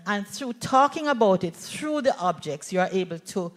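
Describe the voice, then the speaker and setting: A woman's voice: medium pitch, animated, moderate pace. A middle-aged woman with a Jamaican accent, a play therapist presenting a conference workshop, telling stories animatedly and checking in with her audience.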